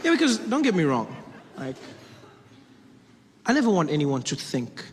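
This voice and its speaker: A man's voice: fairly high pitch, huge pitch swings, normal speed. A male stand-up comedian telling a story on stage before a live audience and acting out its characters. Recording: echoey hall with audience noise.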